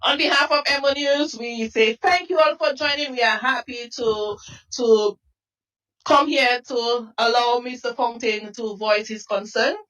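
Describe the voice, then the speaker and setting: A woman reporter with a fairly high voice poses short questions and thanks her viewers. She sounds a little off the microphone. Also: a little slow, fairly bright tone. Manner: brief prompting questions. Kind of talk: street interview. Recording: voice from some distance off the mic.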